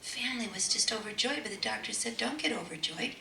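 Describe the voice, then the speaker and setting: A woman's voice: fairly high pitch, lively intonation, fairly quick, gravelly. Emphatic woman lecturing in an echoey hall. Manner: emphatic, repeats key words, drops to hushed tones. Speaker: spiritual speaker. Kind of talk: inspirational lecture with storytelling. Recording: echoey room, distant mic, faint noise.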